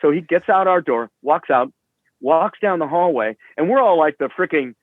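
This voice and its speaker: A man's voice: fairly high pitch, expressive, moderate pace, no echo. A man in his sixties, a rock musician guest, telling stories in a rambling, profane way full of fillers, over a remote call. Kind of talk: casual storytelling. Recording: tinny phone-like line.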